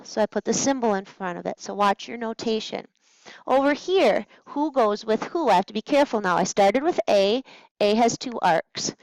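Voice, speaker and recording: A medium-pitched woman math teacher walks through practice problems at a smart board in a dry recording with poor audio. Her test-prep session is playful and chatty, with little remarks to herself.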